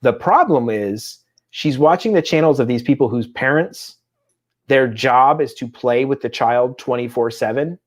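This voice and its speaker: Male co-host, 30s, mid-pitched, loose and jokey, laughs a lot, puts on silly voices for quotes. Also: moderate pace. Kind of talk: casual podcast chat.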